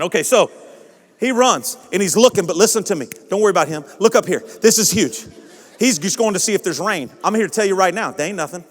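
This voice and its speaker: A male pastor preaching a sermon in a church, impassioned and building up to shouts. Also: sits high, in a large hall. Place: church sanctuary.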